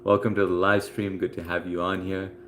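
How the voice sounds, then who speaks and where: A man's voice: deep voice, level tone, a little fast, slight background noise. A man hosting a casual live stream from home, reading out viewer comments in a laid-back, chatty way with plenty of fillers.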